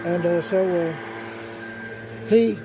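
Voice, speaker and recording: A man's voice: sits high, takes it slowly, background noise. A man telling a rambling, folksy story outdoors, with lots of fillers and restarts. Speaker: vlogger. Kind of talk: casual storytelling.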